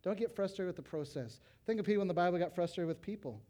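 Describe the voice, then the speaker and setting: A middle-aged male pastor preaching to fellow pastors, animated, breaking into loud acted quotes. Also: high-pitched, rapid-fire. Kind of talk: sermon to pastors.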